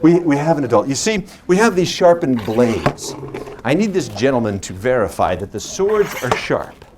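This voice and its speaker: A man's voice: medium pitch, sing-song, normal speed, background noise. A man in his forties performing as a magician. He uses a stage microphone and mixes playful stories with teasing banter with his audience. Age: 40s. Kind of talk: live stage patter with storytelling.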